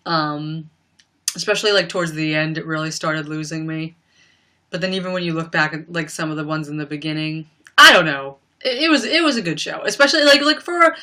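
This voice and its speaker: A woman's voice: sits low, sharp tone. A young woman chatting casually on a home livestream, rambling with lots of fillers and frequent laughs.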